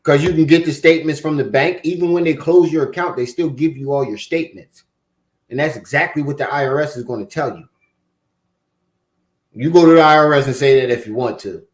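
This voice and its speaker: A man's voice: fairly high pitch, a little fast, roomy sound. A man hosting a reaction commentary, mocking and talking back at the clips he plays. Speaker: commentary host.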